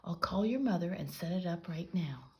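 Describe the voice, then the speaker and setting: A woman's voice: lowish voice, lively intonation, moderate pace, noisy background, close to an everyday voice. A woman voicing a fussy grandmother who frets and dotes on her grandsons. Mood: fretful. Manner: fretful, doting.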